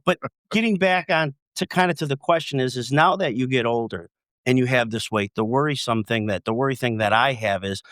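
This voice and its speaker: Earnest, halting man. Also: medium pitch, fairly bright tone, dry recording, clean studio sound. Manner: earnest, halting, repeating words. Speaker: podcast guest, close friend. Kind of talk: casual podcast chat.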